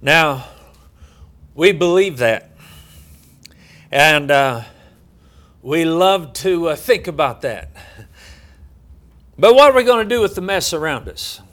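A middle-aged male pastor preaching a sermon, telling a folksy story with many halting fillers. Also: fairly high pitch, expressive, a bit bright.

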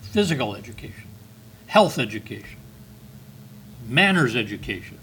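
An older man delivers a sermon in a bright, forward voice, reading scripture with earnest, emphatic stresses. His pitch sits in a middle range. A faint ambient hum runs underneath. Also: very animated, normal speed, poor audio. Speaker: preacher.

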